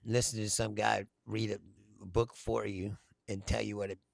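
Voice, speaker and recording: A man's voice: lowish voice, little pitch movement, normal speed, gravelly, dry recording. A man hosting a casual political comedy chat, reading out viewer comments, swearing a lot and laughing often as he rants.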